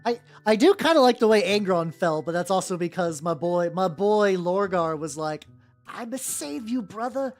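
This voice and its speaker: A young woman paints miniatures while chatting casually on a livestream, rambling with lots of fillers and casual swearing. Her voice is fairly low in pitch, her pace moderate with few pauses, and soft music plays in the background.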